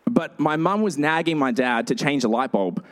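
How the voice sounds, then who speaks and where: A male pastor preaching a sermon in a voice pitched a little high. He tells stories in an animated way and acts out the people in them. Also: moderate pace. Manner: storytelling, animated.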